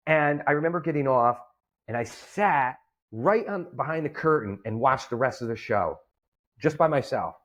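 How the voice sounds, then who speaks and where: A man's voice: mid-range voice, moderate pace. A man, telling a story in a casual interview and acting out the voices of the people in it. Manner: animated storyteller, acts out quoted voices. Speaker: guest comedian and promoter.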